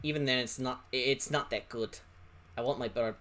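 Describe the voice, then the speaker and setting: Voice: medium pitch, steady tone, moderate pace, a bit bright. A streamer chatting casually while drawing, rambling and hesitant with lots of fillers. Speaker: streamer and artist.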